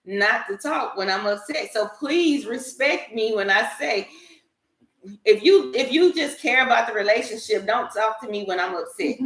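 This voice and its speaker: A woman's voice: on the high side, expressive, moderate pace, fairly bright tone. A woman on a discussion panel talking earnestly and emphatically, explaining her views at length in a candid group conversation. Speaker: panel guest. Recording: echoey room.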